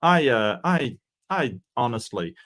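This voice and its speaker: A man's voice: mid-range voice, big pitch swings, slow, a bit bright. A man chatting casually on a livestream, reading and answering chat, rambling with many restarts and fillers while giving strong opinions.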